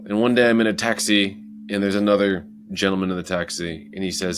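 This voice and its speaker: A man telling a personal story in a casual, animated motivational talk, acting out moments as he goes. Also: deep voice, brisk. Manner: animated, acts out his own story with lively asides. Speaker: motivational speaker.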